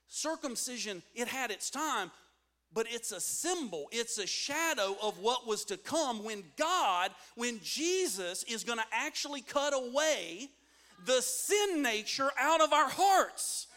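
High, bright-voiced preaching man. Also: animated, moderate pace. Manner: preaching with rising intensity and call-and-response. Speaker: pastor. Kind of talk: sermon.

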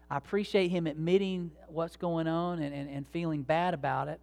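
A man's voice: fairly high pitch, fairly even intonation, moderate pace, vocal fry, hardly any pauses, darkish tone, faint music behind. A man preaching a sermon as pastor, in a conversational, folksy way with many fillers and restarts.

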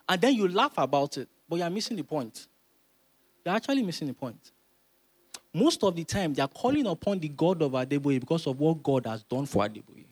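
A man, preaching a sermon as pastor, emphatic and repeating phrases as he builds to loud exhortation. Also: a little high, husky. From Nigeria.

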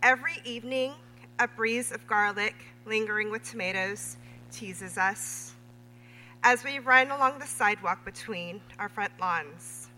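A woman reading her own memoir prose aloud at a literary reading, measured and deliberate. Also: mid-range voice, pushed and bright. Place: reading event in a hall. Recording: reverberant hall with faint hum.

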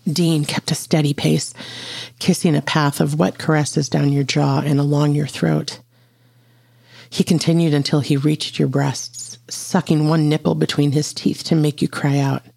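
A storyteller reading an intimate audio story aloud in a slow, steady way. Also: medium pitch, creaky, slightly rough, dry recording. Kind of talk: scripted narration of an audio story.

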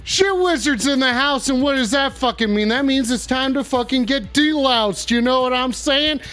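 A man with a very high voice speaks at normal speed over faint background music. On a livestream he plays a persona, a brash, foul-mouthed male wrestler, trash-talking and repeating his insults in a gruff, shouty delivery packed with profanity.

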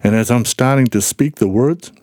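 A man's voice: medium pitch, moderate pace, dry recording, clean studio sound. A man guest on a faith podcast, telling personal stories in casual conversation and acting out the voices he quotes. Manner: animated storyteller, acts out quoted voices.

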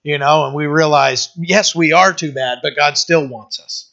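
Male pastor, relaxed chatty sermon, bright forward tone, muffled lo-fi sound. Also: a little high, normal speed, creaky. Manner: casual, animated, many restarts and asides. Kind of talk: conversational sermon.

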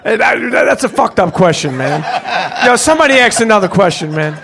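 A man hosting a live podcast in front of an audience, telling rambling, animated, profane stories and taking questions. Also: sits high, fairly quick, gravelly. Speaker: host. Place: live event space with audience.

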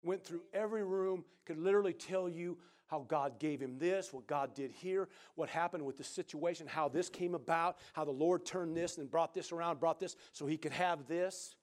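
A middle-aged man, preaching and telling a lively personal story, acting out other people's voices. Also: fairly high pitch, normal speed, few pauses. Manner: animated storyteller who acts out quoted voices loudly. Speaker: pastor. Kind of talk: sermon storytelling.

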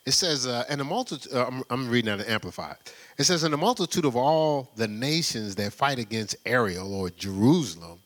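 A man preaching a sermon in a loose, conversational way, full of rhetorical questions and quick laughs. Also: medium pitch, animated. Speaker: pastor.

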